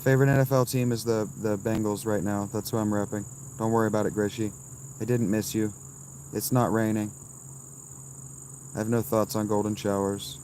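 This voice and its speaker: A man in his thirties, live streaming from a campsite and answering his chat with blunt, dismissive, quick replies. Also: lowish voice, flat delivery, warm tone, a little hiss or hum. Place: outdoors at a campsite.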